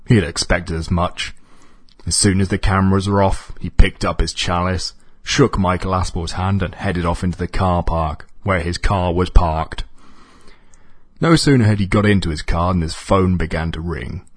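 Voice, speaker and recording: A man narrating an absurd comic story in a deadpan, dry manner. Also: low-pitched, normal speed, slightly rough, no room sound.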